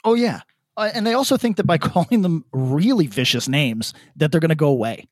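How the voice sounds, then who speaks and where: A man co-hosting a podcast, animated and profane, laughing often in casual chat. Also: a little high, a little fast, dry recording, clean studio sound. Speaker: podcast co-host.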